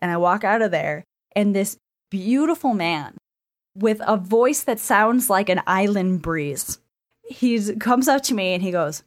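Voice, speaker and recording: A woman co-hosting a casual podcast chat from a friend's apartment, telling stories in an animated, excitable way and swearing freely. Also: medium pitch, unhurried, dry recording, clean studio sound. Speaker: podcast co-host. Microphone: remote recording setup.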